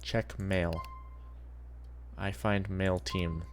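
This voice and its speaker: A man's voice: deep voice, level tone, drawn-out words, noisy background. A man streaming a game, giving crude, joking commentary and swearing often. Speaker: gaming streamer. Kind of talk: casual gameplay commentary.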